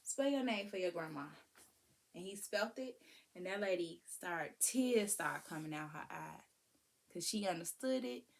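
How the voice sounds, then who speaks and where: A woman giving casual, animated parenting advice, breaking into sing-song sounds. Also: on the low side, normal speed, gravelly. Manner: animated, preachy, sings and vocalizes to demonstrate. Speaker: parenting vlogger.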